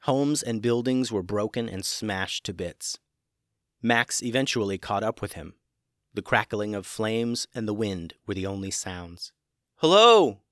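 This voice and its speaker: A man hosting a children's podcast and narrating a storybook in a gentle, measured way. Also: fairly low pitch, no room sound, clean studio sound.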